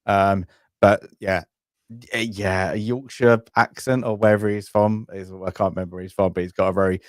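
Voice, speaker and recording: A man's voice: on the low side, steady tone, normal speed, no echo, clean studio sound. A man co-hosting a casual film review chat, rambling and hesitant with frequent restarts. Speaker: podcast co-host.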